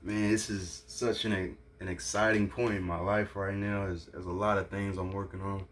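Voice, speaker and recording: A man with a very low voice chats through an unboxing vlog. He sounds excited and grateful, a bit nervous, and often stumbles and restarts his sentences. A faint hum of room noise sits behind him. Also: moderate pace. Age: adult. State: a little nervous. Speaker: vlogger showing his own shoe line.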